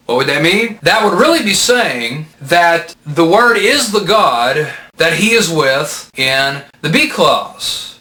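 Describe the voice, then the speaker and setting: A man's voice: high-pitched, lively intonation, slow pace, sharp tone. Methodical male Bible teacher, echoey room. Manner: methodical, patient, explains step by step with rhetorical questions. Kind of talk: explanatory lecture.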